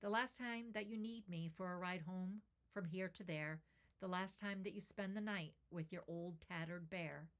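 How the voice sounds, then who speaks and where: A woman's voice: on the low side, moderate pace, fairly bright tone. A woman in her forties, a host, reading a sentimental poem aloud and then talking casually, tender and heartfelt with her voice catching with emotion.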